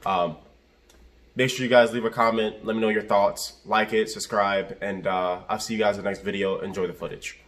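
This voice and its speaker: Rambling lower-voiced man in his car. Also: fairly even intonation, normal speed, a bit bright. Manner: rambling, repeats himself, lots of fillers. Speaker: rideshare driver and vlogger. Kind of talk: casual storytelling to camera.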